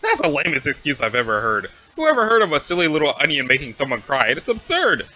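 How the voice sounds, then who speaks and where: A man's voice: fairly high pitch, wildly swooping pitch, quick pace, pushed and bright, highs cut off, slight background noise, full character voice. A man doing a smug teen troll girl. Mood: teasing. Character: smug playful teenage alien troll girl. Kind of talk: reading a webcomic aloud with voices.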